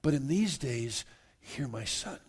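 A man's voice: medium pitch, animated, slow pace, husky. A man preaching a verse-by-verse sermon in an earnest, conversational way, turning often to speak straight to his listeners. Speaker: pastor.

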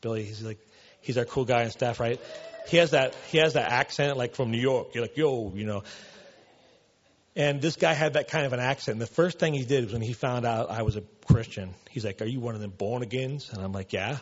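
A man's voice: mid-range voice, brisk, muffled recording. A man preaching a casual sermon in a church, loose and conversational, full of "you know" and "man". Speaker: pastor.

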